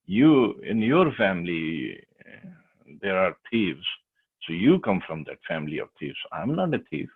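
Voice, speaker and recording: A man voicing a frightened little boy who pleads and talks back to his mother, in a husky gravelly voice over a tinny line. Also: low voice, sing-song, a little slow, heavily acted. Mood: pleading. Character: frightened crying little boy, cheeky and defiant.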